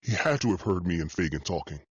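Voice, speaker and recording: A man narrating an audiobook in the first person, steady and measured. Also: sits low, husky, dry recording, lo-fi sound.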